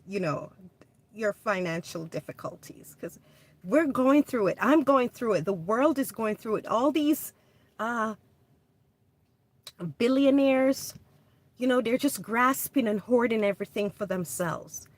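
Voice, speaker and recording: A woman hosting a casual livestream, chatting with viewers in a gentle, hesitant way full of restarts. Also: a little high, expressive, measured pace, no echo. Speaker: livestream host. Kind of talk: casual livestream chat reading comments.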